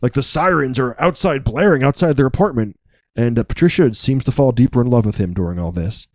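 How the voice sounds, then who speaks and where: A man co-hosting a podcast, recapping a film in a casual, wry, joking way with deadpan asides. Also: medium pitch, brisk, no echo, studio quality.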